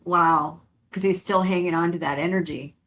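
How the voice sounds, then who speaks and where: A woman co-hosting a casual podcast, chatty and quick to laugh as she tells stories. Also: lowish voice. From New Orleans. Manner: chatty, laughs often, quotes others in lively bursts. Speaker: co-host.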